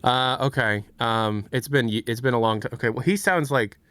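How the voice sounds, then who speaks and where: A man's voice: medium pitch, brisk, few pauses, no room sound. A man chatting casually on a livestream, joking with his chat and trying out impressions. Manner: joking, does impressions, lively. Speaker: streamer.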